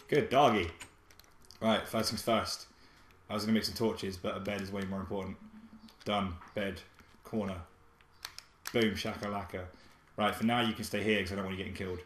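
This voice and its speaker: A young man giving excitable, chatty commentary while playing a game, talking to his pet dog and his viewers. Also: on the low side, a little hiss or hum. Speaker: let's play gamer. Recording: echoey room with faint music.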